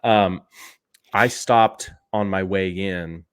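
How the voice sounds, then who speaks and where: A man in his thirties, a podcast co-host, telling a story in an animated, sarcastic way and laughing at his own stories. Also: deep voice, slow pace, clear, resonant tone. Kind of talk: casual chat, storytelling.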